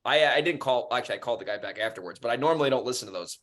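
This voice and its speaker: Guy cohosting a podcast, swears a lot, voice all over the place, mid pitch. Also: rapid-fire. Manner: animated storyteller, swears freely. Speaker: podcast co-host. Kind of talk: casual podcast chat.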